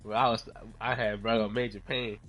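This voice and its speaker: A man streaming a fighting game, telling stories in a loud, profane, laughing way. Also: on the low side, moderate pace, muffled recording. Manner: profane, laughing, animated storytelling. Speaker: gaming streamer. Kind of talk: casual commentary while playing.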